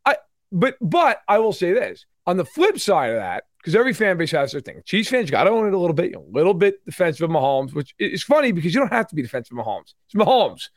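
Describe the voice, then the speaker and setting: A man co-hosting a sports podcast in casual chat, animated, acting out fans in loud mock voices. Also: high voice, fast talker, no echo, studio quality. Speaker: podcast co-host.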